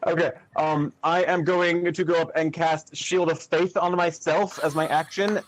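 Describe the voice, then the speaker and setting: A man playing a tabletop game, calmly explaining his moves and the rules. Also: on the high side, moderate pace, a little hiss or hum, rough recording. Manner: relaxed, plainly explains rules. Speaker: player. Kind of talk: casual game chat.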